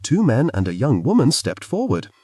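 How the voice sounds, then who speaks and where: Breathy, expressive male audiobook narrator. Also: mid-range voice, normal speed, no room sound, far from the mic. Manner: lively, expressive storytelling. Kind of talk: scripted fantasy narration.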